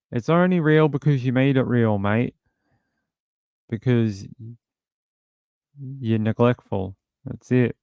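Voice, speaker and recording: Blunt Australian man with a smooth voice. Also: mid-range voice, moderate pace, a little mellow, no echo, clean studio sound. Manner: blunt, indignant, reads out viewer comments. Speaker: livestream host. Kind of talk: casual true-crime livestream chat.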